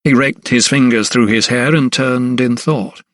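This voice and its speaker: A male audiobook narrator with a mid-pitched voice, telling a period mystery in a measured, even way. The recording is dry and close, with no room sound. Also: dry recording. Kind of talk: scripted narration.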